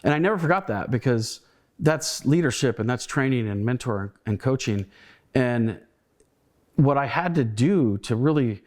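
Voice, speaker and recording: A man's voice: mid-range voice, darkish tone. Reflective male podcast host. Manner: conversational, restarts words, reflective storytelling. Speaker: podcast host, former colleague. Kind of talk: casual podcast conversation.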